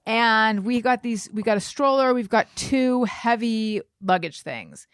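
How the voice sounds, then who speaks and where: A woman co-hosting a casual podcast, telling a story with animated, acted-out quotes. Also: fairly high pitch, measured pace, smooth, no room sound, clean studio sound. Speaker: podcast co-host. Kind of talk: casual chat.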